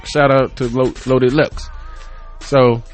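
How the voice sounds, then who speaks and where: A man's voice: mid-range voice, little pitch movement, slow, soft background music. A man in his thirties hosting his own podcast, rambling casually, laughing often and swearing freely. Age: 30s. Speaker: podcast host. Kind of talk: casual solo chat. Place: home room.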